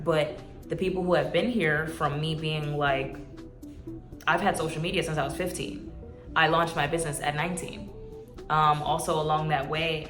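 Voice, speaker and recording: Low gravelly young woman vlogging. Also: reverberant. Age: 20s. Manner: earnest, rambling, emotional. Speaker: YouTuber. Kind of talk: heartfelt vlog talk.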